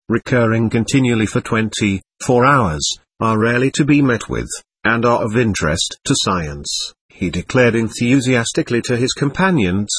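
A man narrating a classic novel as an audiobook reader, in an expressive, measured way. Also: mid-range voice, breathy edge, no room sound.

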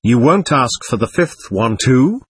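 A man playing a ragged older captain in a storybook, defiant and half mad with grief, his voice husky and swinging up and down as he mocks and pleads. He talks in bitter, theatrical bursts, grovelling one moment and defiant the next. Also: mid-range voice, very animated, unhurried, dry recording. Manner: bitter, theatrical, self-abasing. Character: poor, defiant, buffoonish older male captain.

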